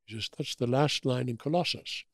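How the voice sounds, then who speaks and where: A man in his eighties from Germany with a German accent, telling animated stories in an interview and acting out the quotes. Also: medium pitch, a little fast, no room sound, clean studio sound. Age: 80s. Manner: animated anecdotes with acted-out quotes. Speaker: guest. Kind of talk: storytelling interview.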